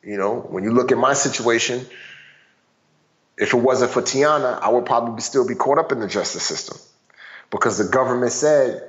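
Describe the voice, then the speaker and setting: A man, a guest and author, telling personal stories in an animated casual way, full of "you know" fillers. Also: mid-range voice, moderate pace. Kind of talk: casual storytelling conversation. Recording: dull roomy sound.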